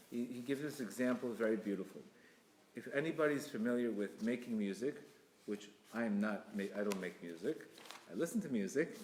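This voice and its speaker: A man giving an inspirational religious talk, emphatic and repetitive, with sudden loud bursts. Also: medium pitch, a little hiss or hum. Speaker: Torah teacher. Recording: echoey hall reverb.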